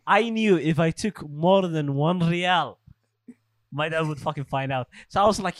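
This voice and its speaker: A man's voice: on the high side, a little slow, no room sound. A young man co-hosting a casual podcast, swearing freely and laughing as he tells stories. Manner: swears freely, laughs often, animated storytelling. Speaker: podcast co-host.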